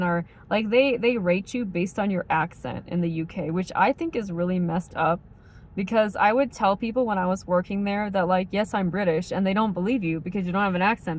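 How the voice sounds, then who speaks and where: A woman with a faint Midwestern accent chatting casually as a vlogger, rambling and filling every pause with "like" and "um". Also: mid-range voice. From United States. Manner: rambling, heavy use of like and um. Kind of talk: casual chat.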